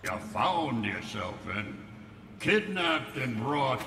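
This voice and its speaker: An actor playing a cryptic male benefactor in a dark video game cutscene, speaking in a measured, mysterious way. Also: medium pitch, very animated, echoey room, slight background noise, heavily acted. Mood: ominous.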